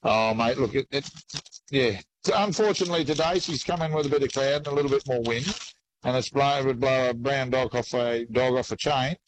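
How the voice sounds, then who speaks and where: A man with an Australian accent, a fishing guest chatting casually in a relaxed, folksy way. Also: medium pitch, brisk, a little hiss or hum, rough recording. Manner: relaxed, folksy, keeps saying mate. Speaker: angler guest. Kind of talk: casual interview chat.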